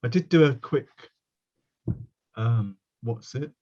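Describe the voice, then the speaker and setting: Rambling West Country painting teacher. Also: male voice, medium pitch, takes it slowly, darkish tone, highs cut off. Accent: West Country English. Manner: rambling, chatty, self-mocking. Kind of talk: casual online workshop teaching.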